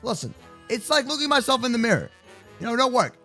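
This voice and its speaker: Cocky baby moose kid, voiced by a man for a Minecraft roleplay: bright and sharp, broken grammar, words in rapid bursts. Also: very high voice, sing-song, soft background music, heavily acted. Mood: defensive. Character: cocky, always hungry baby moose boy.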